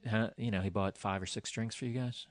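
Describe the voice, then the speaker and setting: A man's voice: on the low side, steady tone, fast talker, no echo. A man hosting a casual interview, asking easygoing, curious questions and reacting to his guest's stories. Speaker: podcast host.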